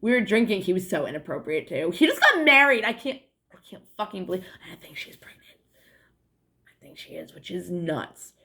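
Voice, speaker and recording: Speaking at a moderate pace in a fairly low, creaky, expressive voice, a young vlogger with a New England accent rambles casually to her viewers. The monologue to camera wanders, is packed with "like" and swearing, and is broken up by frequent laughs.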